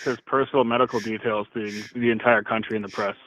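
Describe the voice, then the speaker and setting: A man's voice: on the low side, flat delivery, quick pace, a bit bright, no room sound. A man calling into a live stream, confident and pressing his point in a debate. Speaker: caller. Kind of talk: phone-in debate. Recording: dry, dull phone-call sound.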